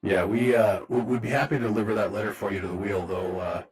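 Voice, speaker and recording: A man's voice: fairly low pitch, fairly even intonation, quick pace, soft background music. A man playing a tabletop game, talking in character in an easygoing, wry way. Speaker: player. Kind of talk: in-character roleplay.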